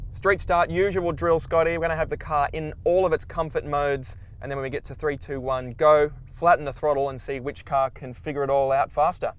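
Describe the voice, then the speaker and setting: A man's voice: a little high, fairly even intonation, a little fast, hardly any pauses, clear, resonant tone. Upbeat Australian man commentating. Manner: upbeat and chatty, directs the runs. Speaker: car reviewer and host. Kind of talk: casual commentary. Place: inside a car on a test track.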